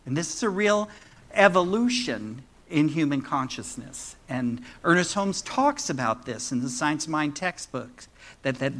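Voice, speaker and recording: A man's voice: on the high side, a bit bright. A man preaching a sermon to his congregation in a conversational, playful way, mixing teaching with jokes. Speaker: minister.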